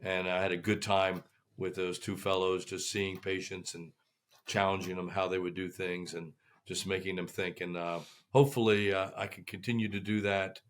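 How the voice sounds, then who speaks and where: An older man, a guest surgeon on a podcast, speaking in a halting way with many pauses. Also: low-pitched, level tone. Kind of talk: casual podcast interview.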